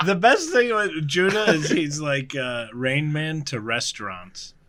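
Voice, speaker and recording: Bright-voiced man in casual chat. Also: a little high, expressive, a little slow.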